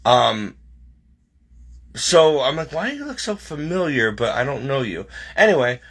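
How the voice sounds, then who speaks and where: A man's voice: medium pitch, sing-song, unhurried, a bit bright. A man telling a personal story over a video call, rambling with many fillers and restarts.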